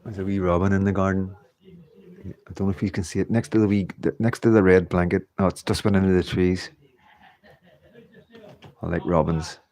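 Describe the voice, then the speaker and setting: A man's voice: deep voice, steady tone, normal speed, pauses often, a little mellow. Chatty man on a livestream. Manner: chatty, rambling, laughs often. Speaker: livestream host. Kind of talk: casual livestream chat reading comments.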